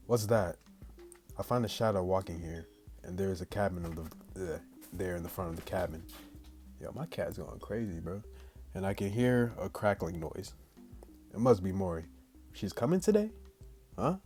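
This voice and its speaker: Low-voiced male streamer reading a visual novel aloud, with slangy asides to chat. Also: darkish tone. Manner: plain read-aloud, breaks off into slangy chat to viewers. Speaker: gaming channel host.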